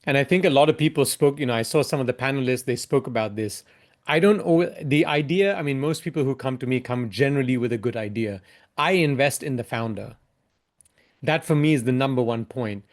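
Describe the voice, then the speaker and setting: A man's voice: mid-range voice, brisk. A man, a startup investor, giving a reflective keynote talk and closing with a short parable. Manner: earnest, closes with a short parable.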